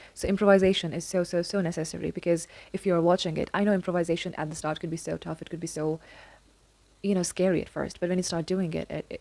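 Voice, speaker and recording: Young woman vlogging college advice, earnest and repetitive, gravelly low voice, dry sound. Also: warm tone, dry recording. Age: young adult. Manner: earnest, repetitive, addresses listener directly. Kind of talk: casual advice talk to camera.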